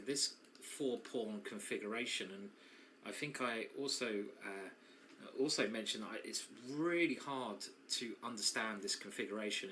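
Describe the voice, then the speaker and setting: A man's voice: medium pitch, sharp tone, slight background noise. A man commentating live on a chess tournament, chatty and self-mocking, who often breaks into laughter while bantering with his co-host.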